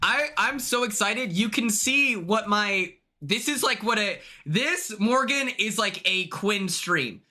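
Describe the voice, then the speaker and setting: Young guy on a live stream at home, bright tone, bouncy up and down, super chatty. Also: sits high, takes it slowly, hardly any pauses. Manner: excitable, chatty, talks to viewers by name. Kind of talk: casual live-stream chat.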